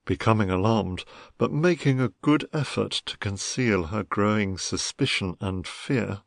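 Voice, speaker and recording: A narrator reading stage directions in a play reading with a plain, even delivery. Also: sits low, measured pace, gravelly, no echo, studio quality.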